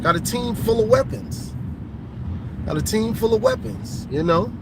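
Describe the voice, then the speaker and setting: A man live-streaming a casual sports rant, teasing rival fans with laughter and drawn-out colloquial talk. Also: high-pitched, lively intonation, noisy background.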